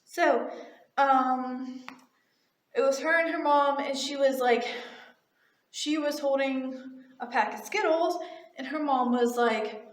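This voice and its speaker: A woman's voice: high voice, slow pace, pauses often, echoey room. A young woman who works retail tells a casual storytime in a chatty, gushing way with lots of "like" fillers. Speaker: retail cashier and vlogger.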